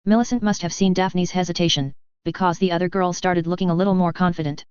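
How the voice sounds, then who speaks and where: Woman narrator, audiobook reading, steady storytelling, very clear, dry slightly dull sound. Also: on the low side, fast, no room sound. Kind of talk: scripted narration of a fan story.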